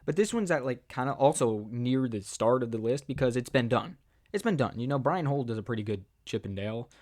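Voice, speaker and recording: Rambling young man, very lively voice. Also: fairly quick. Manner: rambling, lots of fillers, jumps into squeaky character voices. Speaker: voice impressionist, video host. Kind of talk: casual talk to camera.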